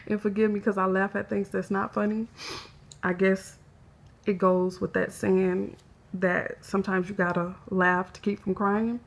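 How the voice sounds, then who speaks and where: A woman speaking in a hesitant, halting way as she records a confessional personal vlog, emotional and close to tears. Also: medium pitch, level tone, gravelly. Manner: hesitant, halting, soft-spoken. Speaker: vlogger.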